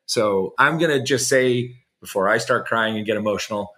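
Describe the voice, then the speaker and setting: A man co-hosting a podcast, chatting casually and warmly, with many fillers like "like". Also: fairly low pitch, normal speed. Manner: effusive, heavy use of "like", warm praise. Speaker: podcast co-host. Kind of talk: casual chat.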